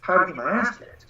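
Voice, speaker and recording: A man's voice: high voice, bright, forceful tone. A man, a Taoist teacher, talking in a casual podcast conversation, blunt and profane, often acting out what others say. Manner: blunt and profane, acts out quoted voices. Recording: very echoey, dull-sounding room recording.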